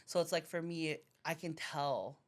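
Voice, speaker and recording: A woman's voice: deep voice, measured pace. A young woman with a Hawaiian accent, a business owner talking earnestly about faith and work on a podcast, often laughing and getting emotional. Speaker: podcast guest, seafood boil business owner. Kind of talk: casual faith-based chat.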